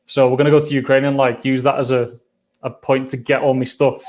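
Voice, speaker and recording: A man's voice: mid-range voice, flat delivery, fairly quick, darkish tone. A man chatting over a video call as a guest travel vlogger, telling rambling anecdotes in a casual way. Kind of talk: casual chat.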